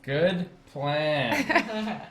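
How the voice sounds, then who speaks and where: A man hosting a casual interview, upbeat and quick with his questions. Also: a little high, expressive, a bit bright. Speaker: host. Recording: echoey room.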